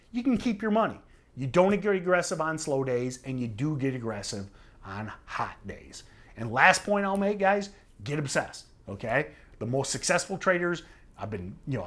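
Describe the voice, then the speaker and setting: A man's voice: a little high, fairly bright tone. A middle-aged man giving a casual trading lesson, talking conversationally and often checking in with "okay?". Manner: conversational, repeats "okay?" for emphasis. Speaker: trading trainer. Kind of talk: casual instructional talk to camera.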